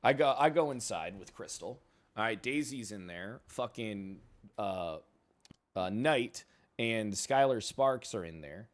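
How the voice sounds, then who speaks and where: A man's voice: fairly low pitch, expressive, unhurried. A man streaming in character as a suspended police chief, giving a heated, profane, rambling recap of a meeting. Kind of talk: in-character roleplay storytelling.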